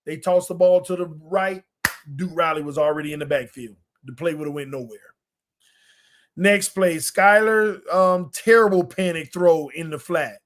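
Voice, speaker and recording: Man, podcast host, slightly high voice, emphatic, colloquial, repeats himself. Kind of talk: casual sports commentary.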